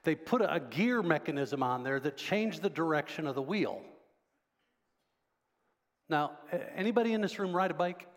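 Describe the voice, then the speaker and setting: A man's voice: a little high, lively intonation, normal speed, long pauses, long reverb tail. A man preaching a sermon as pastor, talking conversationally and quizzing the congregation. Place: church sanctuary.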